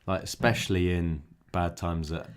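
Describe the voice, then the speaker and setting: A young man co-hosting a podcast, soft-spoken and a bit mumbly in casual chat. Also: sits low, fairly even intonation, normal speed, clear, resonant tone. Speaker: podcast co-host.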